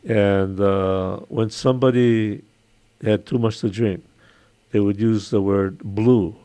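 An older man from Hawaii with a Hawaiian accent, hosting a casual radio chat, chatty and quick to laugh. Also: fairly low pitch, fairly even intonation, warm tone, dry recording. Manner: chatty, laughs easily, imitates local sayings. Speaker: radio show host.

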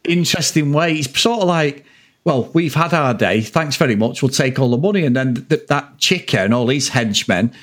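A man's voice: medium pitch, lively intonation, normal speed, a bit bright. A man in his forties, co-hosting a casual film chat podcast, rambling with plenty of swearing. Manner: rambling, swears freely, frequent laughs. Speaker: podcast co-host.

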